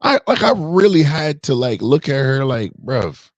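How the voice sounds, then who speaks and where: A man's voice: on the high side, sing-song, normal speed, lo-fi sound, a little hiss or hum. A man around forty giving an emphatic, preachy opinion monologue on a podcast. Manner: emphatic and preachy, drawing out key words. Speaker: podcast commentator.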